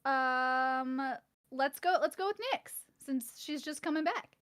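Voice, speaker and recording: High, bright, giggly woman. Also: measured pace. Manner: giggly, animated, argumentative. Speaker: contestant judge. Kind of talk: casual game-show banter.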